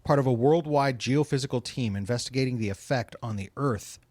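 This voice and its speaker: A man's voice: medium pitch, fairly quick, darkish tone, dry recording. Guy hosting a podcast, jokey and chill, dry close mic. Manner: joking, laughs often. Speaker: podcast host. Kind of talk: casual podcast chat.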